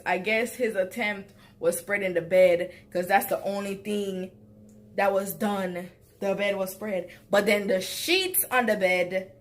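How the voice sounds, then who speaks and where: A young woman telling a dating story in a blunt, profane vlog rant that keeps jumping to loud, exasperated outbursts. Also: mid-range voice, steady tone, unhurried, a little hiss or hum. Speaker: vlogger.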